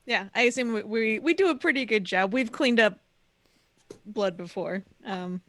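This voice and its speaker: A woman's voice: medium pitch, normal speed, a bit bright. A woman playing a tabletop game, making wry jokes about her character. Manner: wry, joking. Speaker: player. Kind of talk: tabletop role-play chat.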